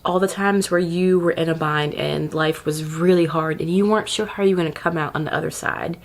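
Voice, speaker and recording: A woman's voice: deep voice, fairly even intonation, fairly quick, background noise. Chatty, laughing woman vlogger. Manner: chatty, laughs often, sidetracked asides. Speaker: self-care vlogger. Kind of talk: casual advice talk to camera.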